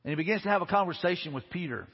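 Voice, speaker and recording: A man's voice: sits high, lively intonation, very fast, breathy edge. A man pastor preaching a sermon, retelling scripture in a conversational way with frequent restarts. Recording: reverberant hall, dull lo-fi sound.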